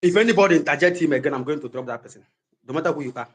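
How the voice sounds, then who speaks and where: Nigerian male host, high and quick, stern referee of an online debate. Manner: insistent, cuts in with repeated no's. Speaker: host moderating a live audio debate. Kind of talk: heated moderating.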